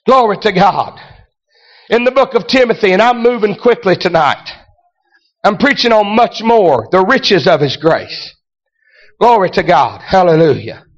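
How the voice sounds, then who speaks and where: A man preaching a sermon, telling a story that builds to shouted exclamations. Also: high-pitched, lively intonation, moderate pace, dull audio. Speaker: pastor.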